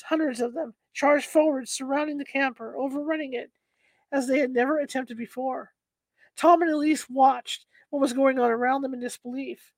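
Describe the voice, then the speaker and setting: A woman narrating an audiobook in a steady, dramatic reading. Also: sits high, no echo.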